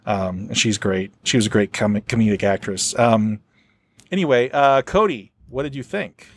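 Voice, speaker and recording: A man's voice: fairly low pitch, normal speed, no room sound. Rambling male podcast host. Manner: rambling, filler-heavy storytelling. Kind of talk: casual chat.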